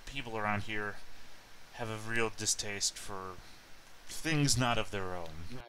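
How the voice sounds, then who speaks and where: A man voicing a tall, polite human nobleman who speaks in a courteous, measured way. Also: fairly low pitch, bright, forceful tone, slight background noise, rough recording.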